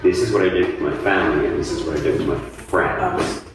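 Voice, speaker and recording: A man's voice: low voice, fairly quick, over music. A man being interviewed about blues dancing, talking in a thoughtful, casual way with many fillers. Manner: thoughtful, many ums and you-knows, animated when joking. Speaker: interviewee, blues dance teacher. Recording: echoey room, mic set at a distance, faint noise.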